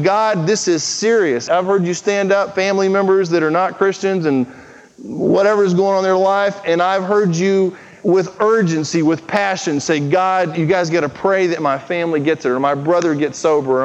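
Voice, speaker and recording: Pastor mid-sermon, earnest and pressing, somewhat high voice, dull recording with long church reverb. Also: male voice, darkish tone. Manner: earnest, urgent preaching with acted-out quotes. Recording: muffled, with long hall reverb.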